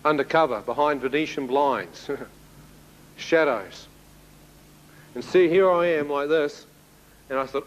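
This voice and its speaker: Man telling a testimony, higher-pitched. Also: normal speed, pauses often, slight background noise, low-quality recording. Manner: animated storyteller acting out dialogue, with chuckles. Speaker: speaker giving a personal testimony. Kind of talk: spoken testimony to an audience.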